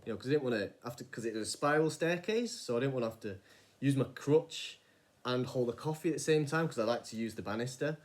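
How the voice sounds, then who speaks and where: A man, casually telling a personal story in a rambling, animated way, with frequent restarts and some swearing. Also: medium pitch, fast. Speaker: vlogger.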